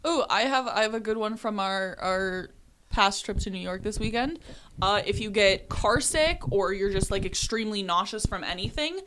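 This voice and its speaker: A woman's voice: medium pitch, lively intonation, moderate pace, noisy background. A woman with a Southern US accent co-hosting a podcast, telling funny stories with a laugh and casual swearing. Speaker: podcast co-host. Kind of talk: casual chat.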